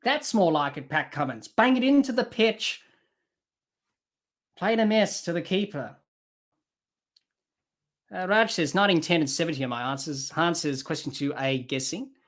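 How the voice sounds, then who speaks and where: A man's voice: on the high side, lively intonation, normal speed, long pauses, fairly bright tone. A man hosting a live cricket watch-along podcast, calling the play and scolding the team in frustration. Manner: exasperated, scolding players and selectors directly. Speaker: podcast host doing live cricket commentary.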